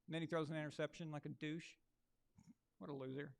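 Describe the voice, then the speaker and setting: A man's voice: on the high side, steady tone, quick pace, gravelly. A man hosting a live sports watch-along, talking casually with crude, sarcastic asides. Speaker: live sports show host.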